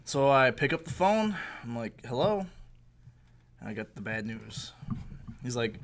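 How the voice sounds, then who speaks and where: A young man co-hosting a podcast, telling a story in a casual, animated way, swearing and laughing as he goes. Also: medium pitch, measured pace, a little hiss or hum. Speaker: podcast co-host. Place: indoor recording room.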